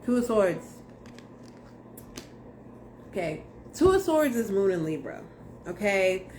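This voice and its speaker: A woman's voice: mid-range voice, sing-song, slow, a little mellow, a little hiss or hum. A young woman giving a casual tarot reading to camera, blunt, slangy and profane as she talks straight to viewers. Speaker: tarot reader.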